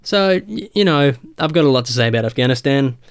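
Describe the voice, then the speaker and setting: A man delivering a satirical stand-up monologue, listing mock statistics in a dry, sarcastic, deadpan way. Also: mid-range voice, a little fast, smooth. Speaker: comedian.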